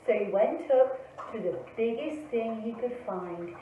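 A woman, an early years teacher, reading a picture book aloud to children in a slow, expressive storytelling way. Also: a little high, slight background noise. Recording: echoey, phone-like, from a distance.

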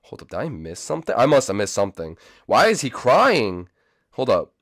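Excitable young man reacting, incredulous. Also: mid-range voice, a little fast, no room sound, clean studio sound. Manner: incredulous, excitable, repeats himself a lot. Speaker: YouTube commentator. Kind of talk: comedic reaction commentary.

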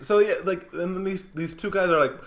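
A man hosting a casual comedic podcast chat, animated and laughing often, swearing freely. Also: sits high, fairly quick. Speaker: podcast host.

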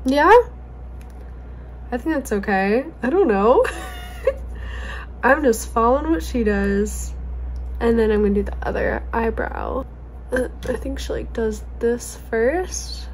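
A young woman chatting through a makeup tutorial, self-deprecating and giggly, a little hoarse. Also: on the high side, darkish tone, a little hiss or hum. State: slightly hoarse from allergies. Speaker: beauty vlogger. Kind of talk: casual makeup tutorial chat.

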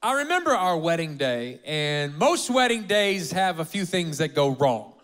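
High-voiced, energetic male pastor. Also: smooth. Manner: energetic, humorous, rallies the congregation. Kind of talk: sermon. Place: church auditorium.

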